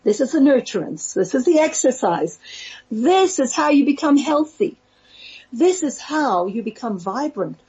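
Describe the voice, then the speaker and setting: Slow, husky woman giving a spiritual talk. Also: sits high, very animated, mellow. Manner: slow, earnest, pleading cadence. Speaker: Torah teacher. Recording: muffled lo-fi recording.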